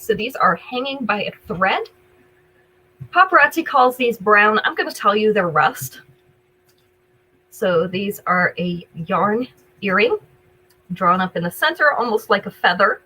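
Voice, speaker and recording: A woman's voice: mid-range voice, sharp tone, husky, poor audio. An older woman hosting a live jewelry sale, chatting casually with viewers, greeting them by name and describing each item. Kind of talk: casual live-stream selling chat.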